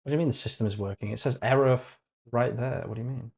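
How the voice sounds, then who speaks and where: A man's voice: medium pitch, steady tone, fast, gravelly, darkish tone. A man hosting a casual live-coding stream, reading chat aloud and muttering sarcastic asides as he works. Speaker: streamer building an online store.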